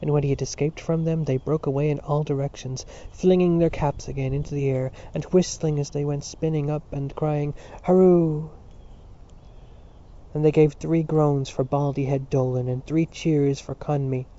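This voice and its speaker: Dark-voiced male audiobook narrator. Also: fairly high pitch. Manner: measured, even storytelling. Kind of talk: scripted narration. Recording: dull lo-fi recording.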